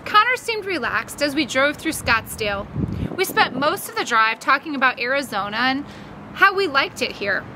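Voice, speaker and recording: A woman reading a middle-grade novel aloud with expressive storytelling and brief commentary. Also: high-pitched, moderate pace, background noise. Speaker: audiobook reader.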